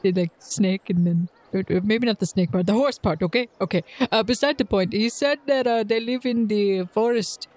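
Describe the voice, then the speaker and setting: A man with a high-pitched voice improvises in character during an actual play tabletop game. He rambles, restarts and keeps cracking goofy jokes, with a light, playful lilt. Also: normal speed, hardly any pauses, a little mellow, no echo. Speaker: tabletop roleplay player.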